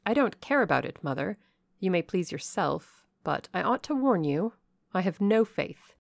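A woman's voice: fairly low pitch, big pitch swings, moderate pace, creaky, no room sound, clean studio sound. A woman voicing a composed young woman who answers in a cool, curt, skeptical way. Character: composed young woman, calm and dryly unimpressed.

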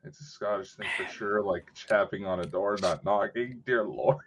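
A man's voice: lowish voice, steady tone, normal speed, fairly bright tone, slightly rough. A man co-hosting a podcast, reacting with incredulous, exasperated remarks in casual chat. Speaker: podcast co-host.

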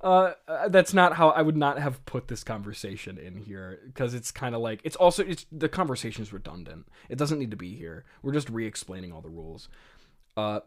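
A man's voice: medium pitch, sing-song, brisk. A man in casual commentary, laughing often and self-mocking as he talks through his old script. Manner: giggly, frequent laughter and filler words. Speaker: writer reviewing his own old script.

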